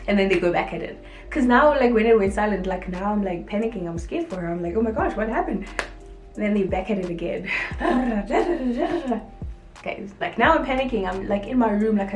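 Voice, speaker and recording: Woman vlogger, storytime, animated delivery, echoey room, faint music. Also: medium pitch, a little fast. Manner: animated, acts out quotes, frequent "like". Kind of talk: casual storytelling to camera.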